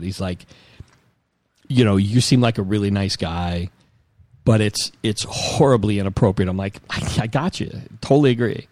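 A man's voice: lowish voice, animated, normal speed, darkish tone, dry recording. A man in his forties telling a rambling, self-mocking story in casual chat.

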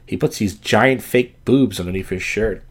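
A man's voice: lowish voice, moderate pace. A man hosting a show, giving rambling, profane, self-mocking commentary on clips. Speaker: show host reacting to clips.

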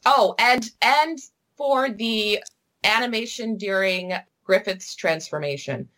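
A woman giving her casual, candid take on movies in a podcast chat, animated and swearing freely. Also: medium pitch, slow pace. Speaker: podcast co-host. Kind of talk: casual film review chat.

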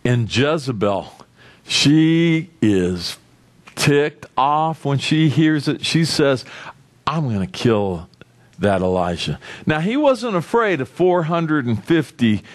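High-voiced pastor preaching slowly. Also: male voice, no room sound. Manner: animated storytelling, acting out voices of figures; asks the congregation questions. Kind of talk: sermon.

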